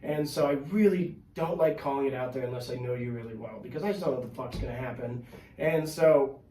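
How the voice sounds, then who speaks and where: A man guesting on a podcast, telling his stories in casual chat, animated and full of fillers, swearing freely. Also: mid-range voice, fast talker, a little hiss or hum. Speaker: podcast guest, pro wrestler. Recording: echoey room, mic at a distance.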